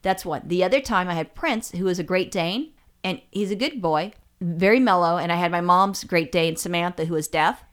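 A woman with a fairly low voice tells her stories bluntly, swearing freely and restarting her sentences. Her talk is loose, casual chat. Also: moderate pace. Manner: profane, blunt storyteller with many restarts. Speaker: podcast co-host.

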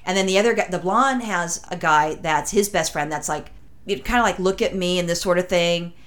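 A woman with a somewhat low voice tells a long, winding anecdote in relaxed podcast chat. She strings her thoughts together with "and then" and "like," and breaks into quick impressions of the people in her story. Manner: rambling, animated anecdote with acted-out quotes.

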